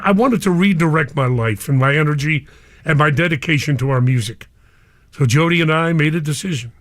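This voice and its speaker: A man's voice: fairly high pitch, no room sound, clean studio sound. An older man, a radio DJ, speaking live and emotionally to his listeners, whom he calls cousins.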